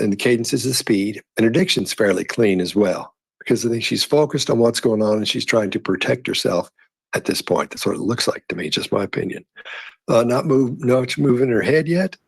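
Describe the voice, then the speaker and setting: A man's voice: mid-range voice, moderate pace, creaky, breathy edge, no room sound. A man on a panel analyzing an interview, hesitant, with frequent fillers and restarts. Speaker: body language analyst panelist. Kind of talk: analytical commentary.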